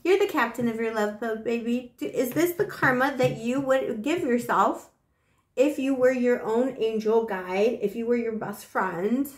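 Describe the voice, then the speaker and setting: In an unhurried, slightly high voice, a woman gives a relaxed tarot reading to camera, chatty and affectionate and a touch breathless. She leans on fillers like "you know," and the sound is reverberant.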